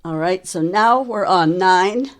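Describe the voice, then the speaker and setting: A woman teaching a drum lesson, calmly explaining sticking patterns and counting beats aloud from behind her kit. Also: lowish voice, slow, a little hiss or hum. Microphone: mic worn while playing kit. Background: drum kit playing.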